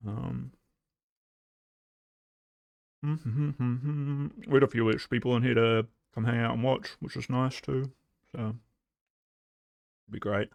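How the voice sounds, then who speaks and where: A man's voice: mid-range voice, creaky, no room sound, clean studio sound. A young man hosting a casual livestream, rambling with lots of fillers and laughing between thoughts. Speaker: livestream host.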